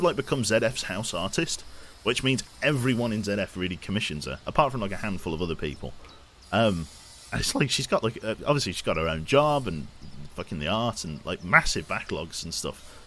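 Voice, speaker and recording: A man's voice: fairly low pitch, fairly bright tone, a little hiss or hum. A young man streaming a game, chatting casually with viewers, reading chat aloud and swearing now and then. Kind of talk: casual gameplay commentary.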